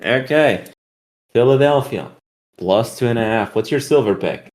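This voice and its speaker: A man's voice: medium pitch, expressive, moderate pace, a little mellow. Joking man co-hosting a sports podcast. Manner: joking, teasing banter. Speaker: podcast co-host. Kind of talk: casual sports betting chat.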